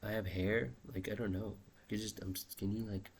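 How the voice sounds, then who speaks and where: A man's voice: on the low side, fairly even intonation, moderate pace, darkish tone, slight background noise. A young man talking in a rambling, musing video journal, swearing casually and often trailing off mid-thought. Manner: restless, trails off and restarts. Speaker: vlogger.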